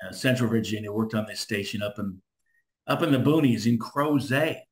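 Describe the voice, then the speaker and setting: This interview guest, a middle-aged ex-radio DJ from Southern California, has a fairly low voice and a moderate pace. He tells casual, animated stories, impersonating the people who appear in them.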